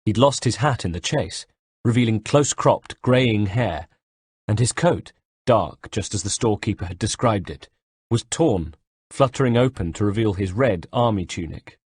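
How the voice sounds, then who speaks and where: Male audiobook narrator, low breathy voice, dry close sound. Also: lively intonation, normal speed, darkish tone, no room sound. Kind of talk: first-person audiobook narration.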